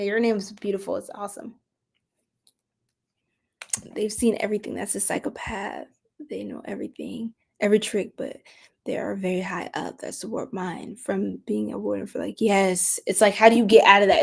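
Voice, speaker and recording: A woman's voice: mid-range voice, vocal fry. Chatty woman doing a casual tarot reading. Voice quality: chatty, laughs often, drifts into soft whispers. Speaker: tarot reader.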